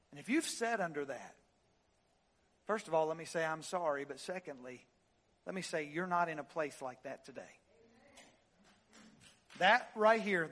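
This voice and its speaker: High-voiced preacher man, fiery swings. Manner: impassioned preaching, swings from loud highs to low quiet asides; repeats phrases for emphasis, "listen" and "y'all". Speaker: pastor. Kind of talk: sermon. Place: church sanctuary.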